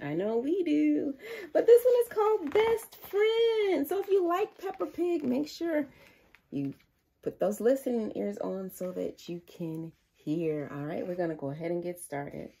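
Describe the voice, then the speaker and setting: Husky, sing-song woman teaching young children. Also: on the high side, lively intonation, measured pace, mellow. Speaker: preschool teacher. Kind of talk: children's circle time and read-aloud.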